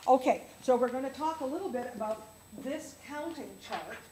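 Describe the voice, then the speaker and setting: A woman's voice: high voice, lively intonation, normal speed, dark tone, slight background noise, poor audio. A woman piano teacher leading a workshop for other teachers, enthusiastic and counting rhythms aloud.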